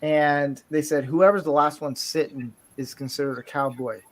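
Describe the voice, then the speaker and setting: A man with a fairly high speaking voice tells stories in loose casual chat. He rambles and jokes, often breaking off his own sentences. He sounds relaxed and unscripted. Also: normal speed. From southern Florida. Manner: rambling, joking, self-interrupting. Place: California home.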